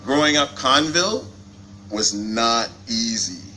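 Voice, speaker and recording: Slow, bright-voiced man giving a speech. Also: medium pitch, lively intonation, a little hiss or hum, low-quality recording. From Canada. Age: 40s. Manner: self-deprecating, jokey, openly emotional. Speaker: company CEO giving a speech. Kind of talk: joking public speech at a launch event. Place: event hall before an audience.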